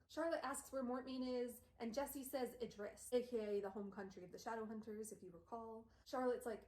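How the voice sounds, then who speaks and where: A woman's voice: fairly high pitch, fairly quick, few pauses, a little mellow. Young woman streamer, chatty recap, roomy echo. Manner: chatty, filler-heavy. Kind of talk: casual book recap on a live stream. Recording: echoey room.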